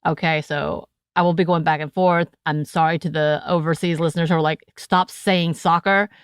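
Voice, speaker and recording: A woman's voice: deep voice, little pitch movement, a little fast, clear, resonant tone, dry recording, clean studio sound. An American woman co-hosting a podcast, chatting casually with playful asides and frequent laughter. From United States. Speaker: podcast co-host.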